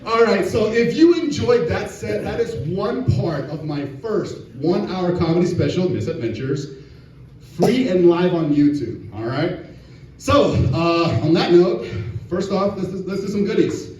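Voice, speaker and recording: A man's voice: high voice, expressive, unhurried, darkish tone, a little hiss or hum. A man doing a crude stand-up comedy set, laughing at his own jokes, with a live audience laughing behind him. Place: distillery venue with live audience. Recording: distant, echoey, muffled venue recording.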